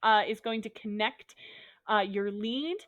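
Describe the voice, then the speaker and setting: A woman's voice: medium pitch, a little slow, a bit bright, no echo, dull audio. A woman teacher giving a recorded online lesson, upbeat and a little goofy, talking students through examples step by step.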